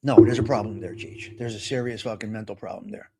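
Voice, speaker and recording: A man's voice: on the low side, fast, vocal fry, background noise. A man hosting a live stream, ranting in casual, profane chatter. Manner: profane, excitable rants. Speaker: host.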